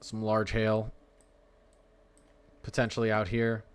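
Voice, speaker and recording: A man's voice: on the low side, monotone, slow pace, smooth. A young man hosting a live weather stream, talking through radar warnings in a chatty, rambling way and stumbling over place names.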